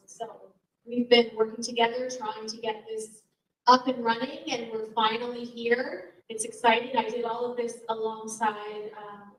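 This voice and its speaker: Halting woman organizer in a roomy hall. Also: on the high side, fairly bright tone, slight background noise. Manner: halting, with fillers. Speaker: union organizer. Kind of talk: short speech at a union meeting. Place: meeting hall in a comedy club. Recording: roomy and from far off.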